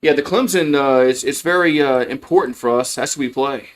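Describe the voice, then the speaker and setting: This man's pitch is medium and his delivery brisk as he calls a college baseball game on a livestream. He's a fan host, and his commentary wanders casually, full of filler words and restarted sentences.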